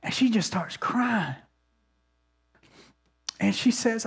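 A man's voice: high voice, animated, takes it slowly, vocal fry, pauses often, husky. A male pastor preaching a sermon in a conversational, storytelling way, often restarting his sentences and calling on the congregation to respond.

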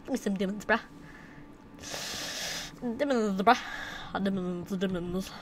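A woman's voice: mid-range voice, takes it slowly, pauses often, a little hiss or hum. Playful young woman rambling over a game. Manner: rambling, talks to herself, playful silly chants. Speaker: gameplay commentator. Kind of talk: casual let's-play commentary.

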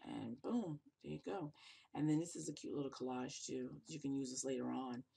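Exhausted blogger narrating a screen tutorial; raspy, creaky voice, loose and thinking out loud. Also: mid-range voice, normal speed. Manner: rambling, thinking aloud with restarts. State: tired, yawning. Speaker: fashion blogger.

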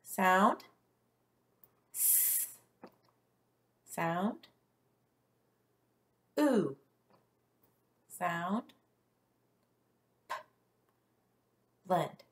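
A woman teacher leading a first grade phonics lesson, sounding out letters slowly and praising the class. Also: on the low side, lively intonation. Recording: echoey room.

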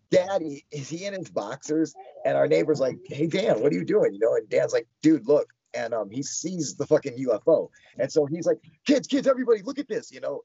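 Young man guest, gravelly and husky, excitable storyteller, cursing freely, dull lo-fi sound. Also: fairly high pitch, no echo. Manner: excited, swears a lot, heavy filler "like". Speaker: interview guest. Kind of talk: casual storytelling.

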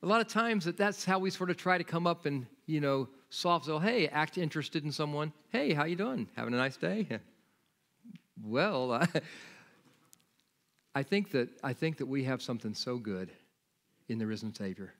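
Animated man preaching a sermon. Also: mid-range voice. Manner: animated storytelling with acted-out dialogue; earnest, pleading exhortation. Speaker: pastor. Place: church sanctuary.

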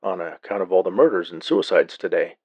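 Deadpan cop, read by a man, low husky voice, flat and unbothered. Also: a little fast, dry recording, lo-fi sound. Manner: flat, matter-of-fact. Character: calm deadpan male police officer.

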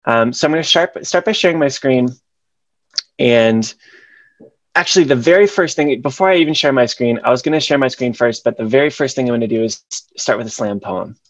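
A man's voice: mid-range voice, brisk, no echo. Passionate young man, dry dull sound. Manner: passionate, rhythmic spoken-word delivery. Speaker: educator giving a presentation. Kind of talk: presentation with performed slam poetry.

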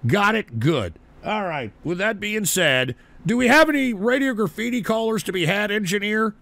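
A man's voice: high voice, lively intonation, moderate pace, creaky, pushed and bright, no echo. A man hosting a call-in show, swearing and ranting at trolls while taking shots on air. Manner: rowdy, swearing, mock-rants at trolls. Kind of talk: profane call-in show banter.

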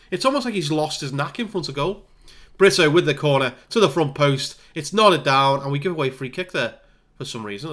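A man giving casual let's-play commentary on a football management game, chatting through the match with wry asides and bursts of excitement. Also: fairly high pitch. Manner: wry, self-deprecating asides. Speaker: gaming video creator.

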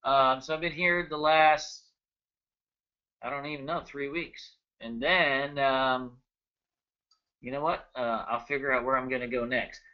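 A man in his thirties hosting a trading webinar, energetic and joking, chatting casually and greeting viewers by name. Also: medium pitch, unhurried, highs cut off. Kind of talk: casual live webinar talk.

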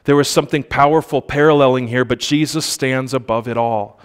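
A man preaching a sermon in church, speaking conversationally, asking the congregation for responses and reading scripture aloud with slow emphasis. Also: medium pitch, steady tone, clean tone. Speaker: pastor.

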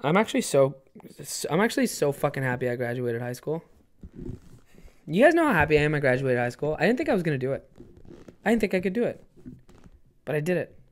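A man's voice: on the high side, very animated, quick pace, pauses often. A man in his twenties hosting a comedy podcast, rambling casually and swearing. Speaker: podcast host.

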